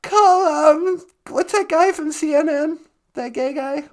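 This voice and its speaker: A man's voice: extremely high pitch, takes it slowly, pitched above the performer's own voice, heavily acted. A man voicing a melodramatic, weepy jailed man who pleads and whines through tears. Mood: tearful pleading. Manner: sobbing, pleading, self-pitying.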